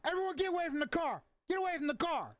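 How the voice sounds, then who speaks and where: Gruff military lieutenant barking orders at a raised pitch, done by a man running a tabletop game. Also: very animated, moderate pace, a bit bright, no echo, heavily acted. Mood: commanding. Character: gruff adult male military lieutenant, commanding.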